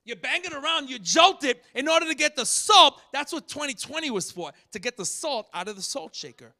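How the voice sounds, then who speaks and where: A man preaching a sermon, teaching from scripture and acting out sharp rebukes with rising shouts. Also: very high voice, lively intonation, a little fast. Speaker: pastor.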